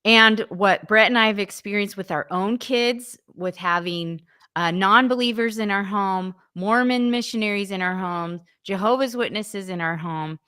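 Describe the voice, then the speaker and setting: A woman's voice: medium pitch, moderate pace, bright, forceful tone, smooth. A woman youth ministry leader answering interview questions, earnest and often restarting her sentences.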